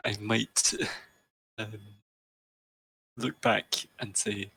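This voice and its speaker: A man's voice: on the low side, flat delivery, extremely slow, gravelly, bright, forceful tone, slightly rough, poor audio. A man playing in a tabletop role-playing game, talking hesitantly and restarting his sentences. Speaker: player. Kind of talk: casual chat in a tabletop game.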